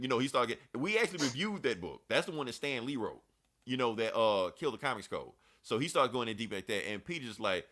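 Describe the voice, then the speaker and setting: A man's voice: medium pitch, very animated, fast talker, fairly bright tone. Casual, profane man recapping comics. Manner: loose, profane storytelling recap. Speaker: podcast host. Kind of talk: casual comic book review chat.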